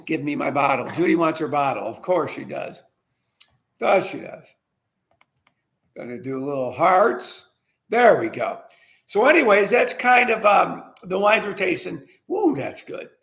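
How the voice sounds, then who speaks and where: Hosting his own wine show, a middle-aged man who owns a winery spins a meandering, talkative tale before a relaxed tasting, full of filler words and side comments. His voice runs high and expressive with a fairly bright tone and some vocal fry, and he speaks a little slowly.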